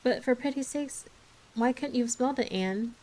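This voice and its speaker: A woman voicing a stern, practical older woman who scolds in a brisk way during a book reading. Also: on the high side, a little mellow, voice pushed up, natural voice. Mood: scolding.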